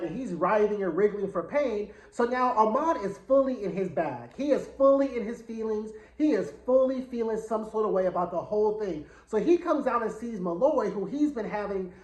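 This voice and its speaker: A man's voice: high voice, lively intonation, moderate pace, hardly any pauses. Chatty man recapping a show in an echoey room. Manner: chatty, slangy, dramatic retelling. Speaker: TV show reviewer. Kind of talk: casual episode recap.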